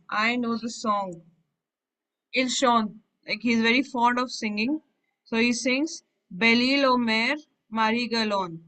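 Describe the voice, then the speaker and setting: A woman with a slightly high voice runs a language lesson. She reads a French phrase and then explains it in plain English, one step at a time, in a patient teaching tone. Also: pushed and bright, rough recording. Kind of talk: online language class explanation.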